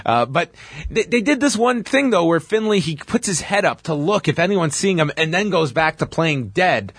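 A man co-hosting a casual chat show, recapping wrestling matches play by play in an animated way. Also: fairly high pitch, moderate pace, slightly rough, no room sound. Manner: lively, animated storytelling. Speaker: podcast co-host recapping wrestling.

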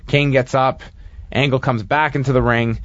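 A man in a casual podcast chat rattles off match recaps in an even, mid-pitched voice, dropping dry, sardonic jokes between moves. The recording is close and dead, with no room sound, and slightly dull and lo-fi. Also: moderate pace, no echo. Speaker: podcast co-host reviewing wrestling.

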